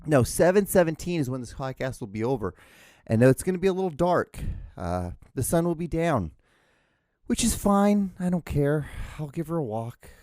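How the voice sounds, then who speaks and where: Recorded dry and at studio quality on a podcast microphone, a man from outside the United States rambles through a casual solo rant at home, with frequent stammered restarts and swearing. His warm voice sits on the high side, moving at normal speed with big pitch swings.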